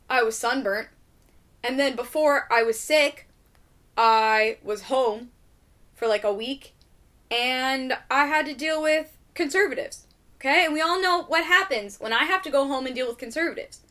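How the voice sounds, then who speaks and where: A woman's voice: high voice, measured pace, sharp tone. A young adult woman hosting a podcast in casual chat, ranting animatedly and swearing a lot. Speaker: podcast host.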